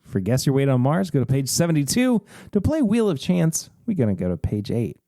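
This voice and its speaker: Expressive male gamebook narrator. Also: mid-range voice, brisk, creaky, no room sound. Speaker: podcast host reading a gamebook. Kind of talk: animated story reading.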